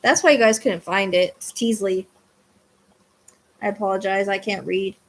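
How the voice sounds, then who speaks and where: A woman doing a live-streamed psychic reading, excitable, swinging between hushed asides and loud exclamations. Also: mid-range voice, moderate pace.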